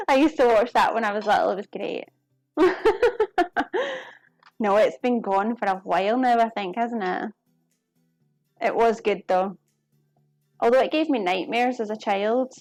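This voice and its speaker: At a normal speed, a cooking streamer with a mid-range, slightly mellow voice chats casually with her viewers as she cooks in her home kitchen. The recording is dry, with faint music behind her.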